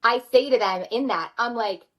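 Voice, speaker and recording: A woman in her thirties, a mother of four, speaking as a podcast guest in an earnest, animated way. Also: a little high, normal speed, low-quality recording. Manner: earnest, animated, acts out her kids' voices. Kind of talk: conversational interview.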